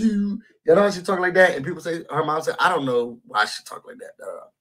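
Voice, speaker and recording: A man with a high, husky voice gives a casual recap of a reality show. He is sassy and animated and talks straight to his viewers as y'all. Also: brisk, hardly any pauses. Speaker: YouTube host reviewing a reality show.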